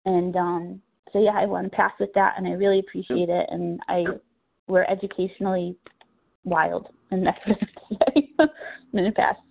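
A woman candidly sharing her story at a recovery meeting, halting and searching for words, heard over a phone line. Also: on the low side, level tone, creaky, slightly rough. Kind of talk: personal share on a phone meeting.

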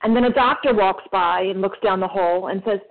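Woman, recovery meeting share, storytelling, mid-pitched, phone-line audio. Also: a little fast, vocal fry. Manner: storytelling, acts out voices in a parable. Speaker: meeting member sharing.

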